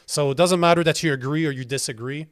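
A man's voice: on the high side, fast. A man with a French accent hosting his podcast, blunt and emphatic and swearing casually. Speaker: podcast host. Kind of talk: casual interview talk.

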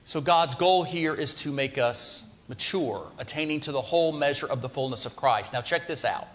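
A man preaches a sermon in a church sanctuary, keeping it conversational and often turning questions to the congregation. His voice sits in a middle pitch for a man. The sound carries a long reverb from the hall. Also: normal speed, fairly bright tone. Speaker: pastor.

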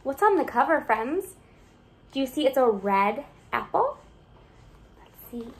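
A woman's voice: sits high, very animated, unhurried. A young woman teacher reading a picture book aloud to young children, sing-song and encouraging, asking them questions as she goes. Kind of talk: children's read-aloud lesson.

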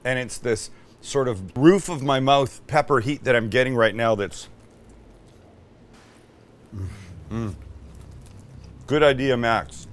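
A man's voice: medium pitch, slow pace, long pauses. A man hosting a casual cooking show, joking with his crew as he cooks.

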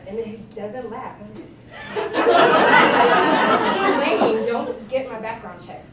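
A woman's voice: mid-range voice, normal speed, noisy background. A middle-aged woman, a personal chef from Cleveland, chatting and telling funny stories to a library audience. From Cleveland, Ohio. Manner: chatty, animated, laughing storyteller. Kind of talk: storytelling at a live event. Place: library event room with audience. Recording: echoey room, distant mic, crowd.

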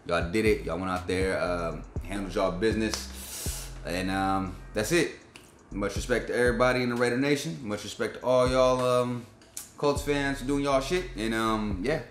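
A man's voice: fairly low pitch, moderate pace, soft background music. A man hosting a sports fan channel, giving a frustrated, profane, slang-heavy rant reacting to his team's game. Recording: echoey room with faint background beat.

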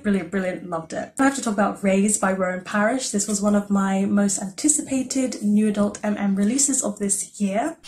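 A woman's voice: mid-range voice, a little mellow. A woman, talking through her month's books in a casual vlog, chatty and enthusiastic with lots of filler words. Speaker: book reviewer. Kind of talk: casual book wrap-up vlog.

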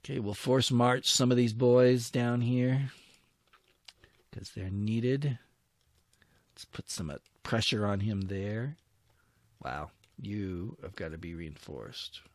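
A man's voice: on the low side, takes it slowly, pauses often, no room sound. A man commentating his own strategy war game, talking to his units and grumbling when attacks go wrong. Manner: muttering, self-talking, grumbling at setbacks. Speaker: gameplay commentator.

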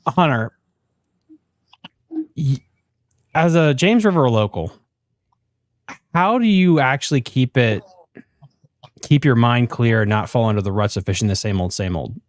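A man's voice: mid-range voice, expressive, a little slow, pauses often, dry recording, clean studio sound. A man hosting a live fishing podcast, asking long rambling questions in a loose, joking way. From United States. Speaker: podcast host. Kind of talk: casual live podcast chat.

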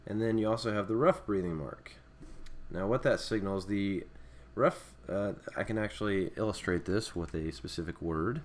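Low-voiced man teaching a language lesson. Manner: unscripted explaining, frequent fillers and restarts. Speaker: Greek teacher. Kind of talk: screen-recorded language lesson.

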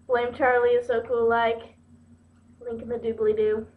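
A young woman talking to camera in a casual vlog, playful, giggly and quick to poke fun at herself. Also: fairly high pitch, flat delivery. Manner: giggly, playful and self-mocking. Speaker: video blogger. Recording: dull lo-fi webcam audio.

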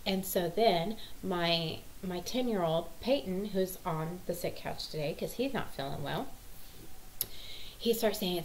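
Exasperated mom telling a story. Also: female voice, fairly low pitch, moderate pace, slight background noise, rough recording. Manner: exasperated, rambling, acts out quotes. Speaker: mother vlogger. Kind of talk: casual storytelling vlog.

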